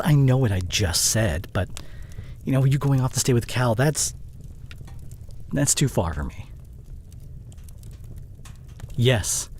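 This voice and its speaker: A man's voice: medium pitch, a little mellow, slight background noise, close to an everyday voice, poor audio. A man playing an overworked young boyfriend in an audio roleplay drama, speaking closely and with strong emotion straight to the listener. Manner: emotionally charged, intimate second-person address. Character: overworked young adult boyfriend, short-tempered but loving. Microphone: close studio condenser mic.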